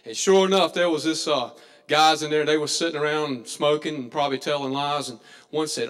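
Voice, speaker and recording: A man's voice: a little high, fairly even intonation, a little fast, a bit bright. A man doing stand-up, telling folksy stories on stage and acting out the people in them. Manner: folksy drawl, acts out characters in his jokes. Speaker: stand-up comedian. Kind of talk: stand-up storytelling. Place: stage before a live audience.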